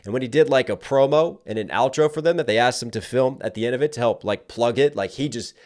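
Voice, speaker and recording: A man's voice: mid-range voice, fast, darkish tone. A man, a rapper, giving music reaction commentary, analytical and emphatic as he makes his points. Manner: analytical, talks with lots of "like" fillers; gets emphatic when making a point.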